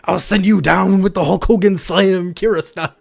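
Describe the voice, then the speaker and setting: A man voicing a brash, boastful wrestler-style villain who shouts his threats in a wrestling-promo delivery. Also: high voice, fairly even intonation, normal speed, creaky, voice pushed up.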